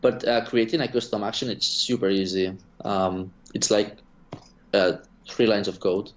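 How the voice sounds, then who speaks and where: A man's voice: lowish voice, fairly even intonation, moderate pace, lo-fi sound. A man answering interview questions as a guest developer, hesitant with lots of fillers. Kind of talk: casual interview answers over a call.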